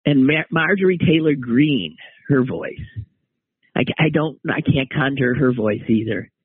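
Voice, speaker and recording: A man's voice: medium pitch, unhurried, slightly rough, no room sound. A man hosting a casual solo monologue, rambling and wry, often trailing off and starting over. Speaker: podcast host. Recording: tinny phone-like dry sound.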